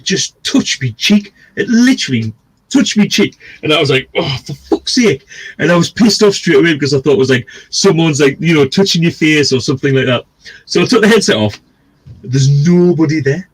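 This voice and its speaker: A man's voice: fairly high pitch, lively intonation, moderate pace, husky, low-quality recording. A man, co-hosting a gaming stream and telling a long, sweary, rambling story in a casual way. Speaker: stream co-host.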